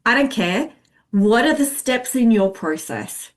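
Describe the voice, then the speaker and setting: A woman sales coach teaching a masterclass in an expressive, chatty way, acting out what clients think. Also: on the high side, a little slow.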